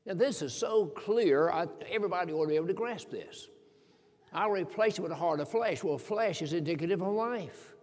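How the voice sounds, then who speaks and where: A pastor with a high voice preaches fairly quickly in a church sanctuary, emphatic and repetitive and full of rhetorical questions. The recording has a long hall reverb.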